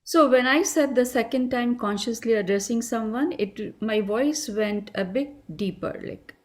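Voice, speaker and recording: A woman's voice: fairly high pitch, a little slow, darkish tone. A woman taking part in an online workshop, speaking hesitantly and reflectively over a video call. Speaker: workshop participant.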